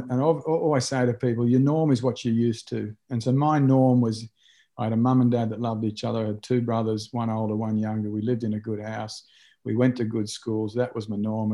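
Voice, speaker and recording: A middle-aged Australian man with a warm, dark tone talks as an interview guest. He tells his stories in an animated way, full of restarts and fillers, and his pitch sits in the ordinary middle range. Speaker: rugby coach, guest. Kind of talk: storytelling interview answers.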